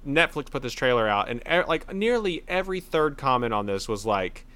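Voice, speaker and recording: A man's voice: medium pitch, very animated, moderate pace, pushed and bright, clear, resonant tone. A man co-hosting a podcast, chatting casually and rambling a bit with restarts. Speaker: podcast co-host. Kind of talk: casual chat.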